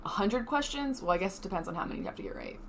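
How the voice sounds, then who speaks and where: A woman's voice: medium pitch, huge pitch swings, very fast, creaky, a bit bright, a little hiss or hum. A woman co-hosting a stream, chatting casually in a playful, giggly way. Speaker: stream co-host.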